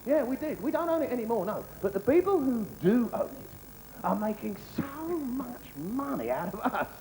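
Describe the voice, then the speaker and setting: Man, stand-up comedian, sarcastic ranting, swooping pitch, loud ambience behind. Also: sing-song, normal speed, noisy background. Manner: sarcastic, ranting, mock-incredulous. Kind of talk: live stand-up routine. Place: theatre stage. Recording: loud live-show ambience.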